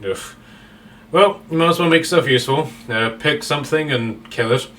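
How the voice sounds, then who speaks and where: A man's voice: on the high side, moderate pace, fairly bright tone, a little hiss or hum, voice pushed up, natural voice. A man voicing a dry, unimpressed male adventurer in a tabletop game.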